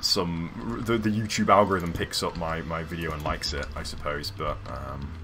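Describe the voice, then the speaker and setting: Over background music, a low-pitched man streams a game and talks at a moderate pace in a steady tone. His chat is rambling and hesitant, with many fillers and restarts.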